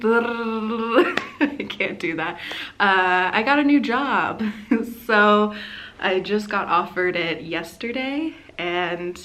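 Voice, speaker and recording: A woman's voice: medium pitch, a bit bright. A young woman in her twenties chatting casually to her camera at home, laughing often and filling her talk with "like" and "um". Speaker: vlogger. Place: room at home. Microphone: camera mic.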